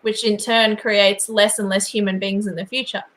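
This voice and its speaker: A woman hosting a casual live-stream interview, blunt and animated, laughing along and often restarting her sentences. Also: medium pitch, normal speed, reverberant. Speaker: host.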